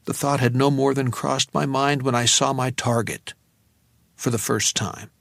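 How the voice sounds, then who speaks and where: Gravelly male audiobook narrator. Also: medium pitch, fairly even intonation, a bit bright, dry recording. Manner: measured, tense storytelling. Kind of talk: first-person audiobook narration. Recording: dry close studio sound.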